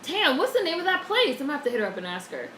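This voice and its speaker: A woman with a high voice talks very fast, with huge swings in pitch and a somewhat bright tone. She's livestreaming from indoors at home, swearing liberally, chatting and reading out what viewers write. The recording has echo and a faint hum of background noise.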